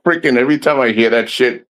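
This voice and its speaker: A man's voice: mid-range voice, fairly bright tone. A man hosting a casual livestream, swearing freely, laughing often and rambling with restarts. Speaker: livestream host.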